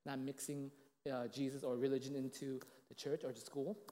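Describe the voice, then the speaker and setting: A man's voice: little pitch movement, moderate pace, warm tone. A man in his late thirties giving a casual, conversational sermon as a pastor, telling stories with lots of fillers and "you know, right?" asides, and acting out quoted voices. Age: late 30s. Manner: casual, chatty, heavy on fillers and 'you know', 'right?'; acts out quoted voices with big pitch jumps. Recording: long reverb of a large hall.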